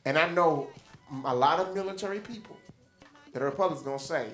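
A man's voice: fairly high pitch, quick pace, a bit bright, faint music behind. A man co-hosting a podcast, joking and sarcastic as he tells a story. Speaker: podcast co-host. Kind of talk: casual opinionated chat. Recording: echoey room.

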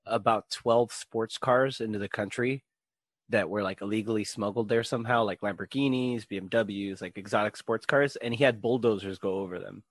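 A man's voice: lowish voice, normal speed, no echo. Young male co-host, laid-back, stop-start delivery, dry recording. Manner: laid-back, trails off quietly, stammers on restarts. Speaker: podcast co-host. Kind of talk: casual chat.

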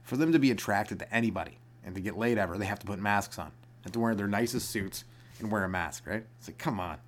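A man's voice: fairly low pitch, fast, slight background noise. Rambling, jokey male podcast host. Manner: rambling, jokey, acts out little voices. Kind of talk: solo comedic riffing.

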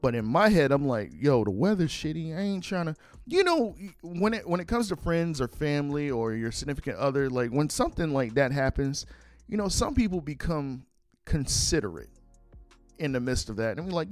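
A man's voice: a little high, normal speed, no room sound, soft background music. A young man hosting a podcast, telling a personal story casually, swearing and acting out what people said. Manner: animated, swears freely, acts out quoted lines. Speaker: podcast host.

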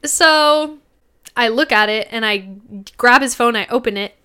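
A young woman tells a story on a casual podcast, her voice bright and crisp. She sits a little higher in pitch than most women. She swears freely and acts out what others said. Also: a little slow. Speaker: podcast co-host.

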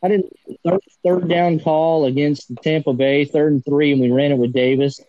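A man's voice: a little high, steady tone, normal speed, dark tone, no room sound, lo-fi sound. A man on a sports talk panel, ranting heatedly and swearing often. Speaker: podcast panelist.

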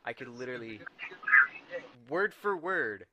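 Jokey young man over loud hiss. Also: medium pitch, measured pace. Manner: animated, jokey storyteller who swears. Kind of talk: casual chat. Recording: loud background noise.

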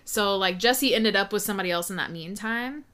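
A woman's voice: medium pitch, a little fast, a bit bright. A young woman co-hosting a podcast in casual, giggly chat that rambles off on tangents. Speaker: podcast co-host.

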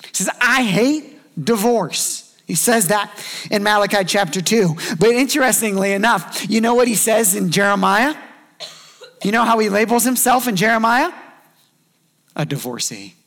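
A man's voice: high-pitched, expressive, moderate pace, a bit bright. A man preaching a sermon in a conversational way, acting out short quoted voices along the way. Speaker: pastor.

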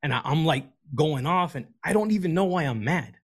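A man's voice: a little high, animated, a little fast, slightly rough. A man calling in with a question, talking in a rambling, informal way with many fillers. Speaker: caller. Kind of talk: casual question to a guest.

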